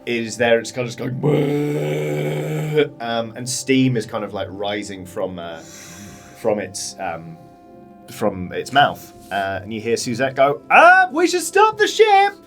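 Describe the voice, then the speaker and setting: A man's voice: on the low side, unhurried, faint music behind. A British man narrating as dungeon master, describing scenes and making sound effects. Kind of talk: narrating a tabletop game.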